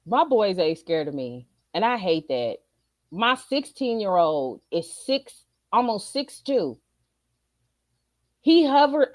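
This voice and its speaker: A middle-aged woman talks straight to her viewers in a casual, profane rant and tells her stories with lots of animation. Her voice sits a little high. The sound is close and dry, with almost no room to it. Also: no room sound. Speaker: streamer giving opinions.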